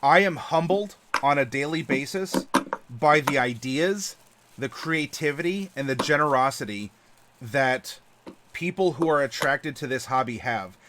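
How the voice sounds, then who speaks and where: A man's voice: medium pitch, animated, unhurried, noisy background. A man hosting a casual live-stream chat, talkative and laughing often, with plenty of fillers. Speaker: channel host.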